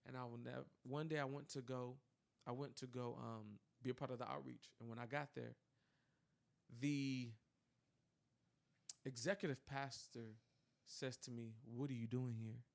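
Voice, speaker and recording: A young man telling a personal story in casual chat, animated and full of fillers, acting out quoted dialogue. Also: mid-range voice, a little slow, gravelly, pauses often. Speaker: podcast co-host telling his story.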